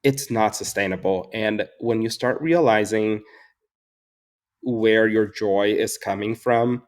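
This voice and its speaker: A man's voice: fairly low pitch, slow. A man in his forties, a flower farmer and floral designer, telling personal stories in a casual interview with an earnest, reflective manner, acting out dialogue and laughing often. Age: 40s.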